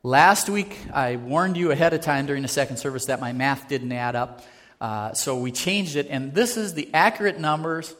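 A man's voice: a little high, expressive, moderate pace, a bit bright. A man preaching a sermon as pastor, earnest and conversational, building to fervor. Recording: reverberant church hall.

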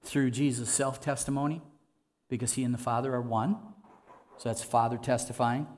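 A man's voice: mid-range voice, fairly even intonation, moderate pace, a little mellow. A man preaching a sermon in an earnest, conversational way, asking his listeners rhetorical questions. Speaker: pastor.

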